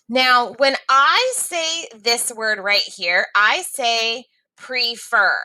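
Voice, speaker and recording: A woman's voice: sharp tone, rough recording. A woman teacher guiding young students through a reading lesson, reading the story aloud and calling them friends. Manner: reads the story aloud with pitch jumps for the geese; friendly, addresses pupils as friends.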